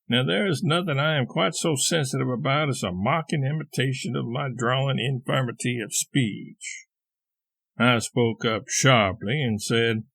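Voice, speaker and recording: A male audiobook reader telling a classic story in a measured, even way. His voice is gravelly, of middle pitch, and recorded close and dry with no room sound. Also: dry recording. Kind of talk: reading a classic short story aloud.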